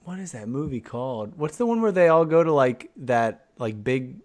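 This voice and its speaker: A man with an ordinary mid-range voice, co-hosting a podcast in easygoing chat. He meanders through his thoughts and often drops into quiet asides. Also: mid-range voice, moderate pace. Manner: relaxed, wandering, trails off into quiet asides. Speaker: podcast co-host. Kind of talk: casual chat.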